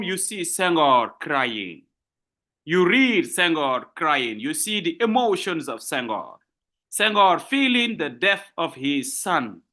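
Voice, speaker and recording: A man with a giving a university literature lecture, explaining terms slowly, repeating and rephrasing points, often checking in with "okay?". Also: sits high, bright, forceful tone. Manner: slow deliberate delivery with frequent rephrasing.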